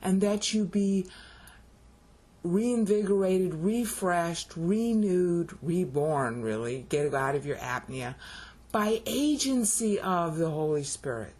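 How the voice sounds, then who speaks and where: A woman on her video channel casually explaining word meanings, often pausing to check in with the viewer. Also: fairly low pitch, expressive, darkish tone. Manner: explanatory, keeps checking in with "okay?". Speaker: YouTuber explaining Bible Greek. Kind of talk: casual teaching monologue.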